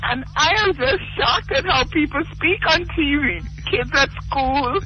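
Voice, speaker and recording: Jamaican woman caller, chatty and indignant, very high voice, dull lo-fi phone call. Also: unhurried, slight background noise. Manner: chatty, indignant, laughs easily. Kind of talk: call-in radio chat.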